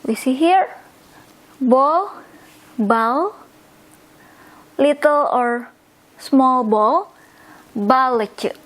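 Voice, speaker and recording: Slow, high-voiced woman teaching vocabulary. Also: poor audio. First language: Indonesian. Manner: repeats words slowly, spells endings out. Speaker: language teacher. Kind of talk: slow instructional explanation.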